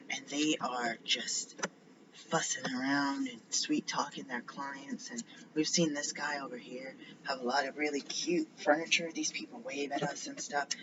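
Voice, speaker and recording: A man vlogging in a casual, rambling monologue, drifting between topics and often dropping into a whisper. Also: medium pitch. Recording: slightly dull lo-fi recording with faint noise.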